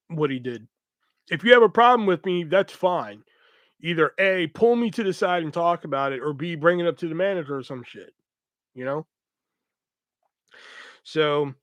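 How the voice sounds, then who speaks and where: A man hosting a podcast, telling a story in a casual, profane and animated rambling way. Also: on the high side, no room sound. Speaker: podcast host.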